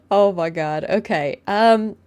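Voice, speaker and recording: A laid-back woman co-hosts a casual chat in an ordinary mid-range voice. She thinks aloud, with ums and drawn-out words. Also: medium pitch, darkish tone, clear, resonant tone. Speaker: podcast co-host.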